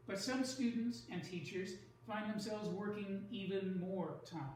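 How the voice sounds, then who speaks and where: A man teaching a recorded online writing lesson, explaining step by step in a measured way and leaning on key words. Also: high voice, steady tone, very echoey, distant mic, slight background noise, poor audio.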